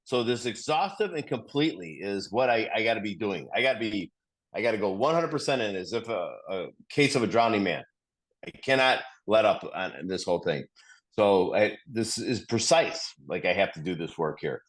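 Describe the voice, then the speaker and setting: A middle-aged man talks earnestly about his own life, his pitch rising and falling in a lively way. He often restarts and repeats himself as he goes. He sounds like he is sharing with a group. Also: normal speed. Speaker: recovery group speaker. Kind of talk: personal sharing in a study group.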